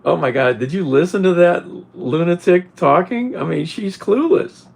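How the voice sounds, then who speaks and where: A man's voice: sits high, animated, moderate pace, creaky. A man vlogging, giving casual rambling commentary with a mocking edge and many fillers. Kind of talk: casual commentary while cooking.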